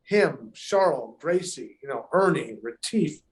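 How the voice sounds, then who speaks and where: A pro golfer appearing on a podcast tells animated stories at a measured pace in a fairly high male voice. He's emphatic and swears heavily in the casual conversation, which echoes in the room.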